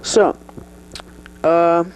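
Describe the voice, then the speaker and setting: A performer playing a prim male talk-show interviewer who scolds his guest and asks questions slowly. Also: mid-range voice, fairly even intonation, darkish tone, clear, resonant tone, rough recording. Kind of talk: improvised comedy sketch interview.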